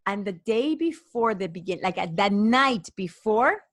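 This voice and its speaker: Animated woman telling a personal story. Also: medium pitch, measured pace, no room sound. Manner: animated, breathless retelling with many restarts and quoted dialogue. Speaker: guest, women's performance coach.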